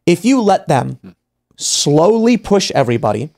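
A man's voice: a little high, very animated, a little slow, gravelly, a little mellow. A man hosting a podcast, arguing his point in opinionated panel talk, often restarting his sentences and acting out other people. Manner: argumentative, many restarts, acts out quoted people. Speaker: podcast host. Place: podcast studio.

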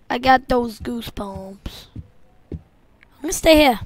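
A woman's voice: a little high, animated, unhurried, pauses often, a little mellow. A woman playing a horror game, goofy and jumpy, muttering and whispering to herself and shrieking at the scares. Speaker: gamer. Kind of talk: horror let's-play commentary.

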